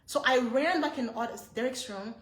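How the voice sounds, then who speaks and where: A woman's voice: high voice, moderate pace, echoey room, poor audio. A woman in her thirties, a mother vlogging to her viewers, retelling a frightening moment in a tense, breathless way with lots of repeated phrases. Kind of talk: storytelling to camera.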